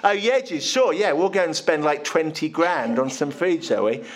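A man's voice: fairly high pitch, expressive, moderate pace, voice pushed up. A man voicing sarcastic, exasperated male disciples, with a mocking, incredulous manner.

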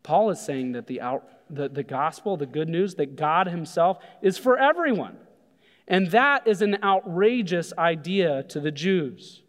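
A man preaching a sermon, animated, acting out voices when he quotes people. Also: fairly high pitch, unhurried. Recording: long hall reverb.

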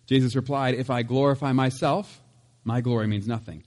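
A man's voice: mid-range voice, steady tone, normal speed, a little mellow. A man preaching a casual, conversational sermon, chatty with laughs and asides. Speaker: pastor.

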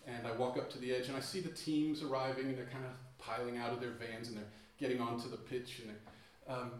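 Male live storyteller, wry and self-deprecating, stumbles and restarts often; boomy room, mic well away from him. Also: little pitch movement. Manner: halting, self-mocking, frequent restarts. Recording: echoey room, distant mic.

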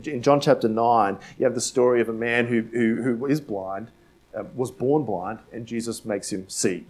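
A man preaching a sermon in a conversational way, tossing in "right?" and "like" asides and repeating key phrases for emphasis, sometimes dropping to a hush. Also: mid-range voice. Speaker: pastor.

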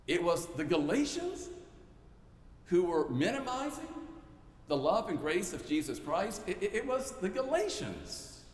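Emphatic preacher in an echoey hall. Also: male voice, high voice. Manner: emphatic, repetitive rhetorical build-ups. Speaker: pastor. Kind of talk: sermon. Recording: echoey church hall, faint noise.

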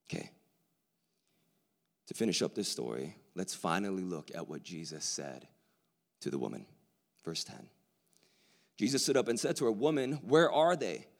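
A male preacher giving a sermon in a large hall with hundreds of people, swinging from a hushed near-whisper to loud excitement, with casual slang. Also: a bass voice, moderate pace, gravelly, long pauses.

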